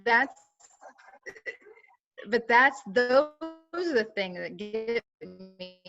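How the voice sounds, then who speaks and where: A woman's voice: a little high, lively intonation, extremely slow, a bit bright, soft background music. Chatty woman on a muffled call. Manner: chatty, lots of fillers, acts out quoted talk. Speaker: team member sharing her experience. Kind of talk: casual chat on a call.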